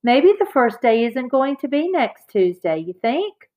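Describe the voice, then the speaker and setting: A woman's voice: high voice, sing-song, measured pace, dark tone, voice pushed up. A woman voicing a hopeful, eager little girl in a storybook reading.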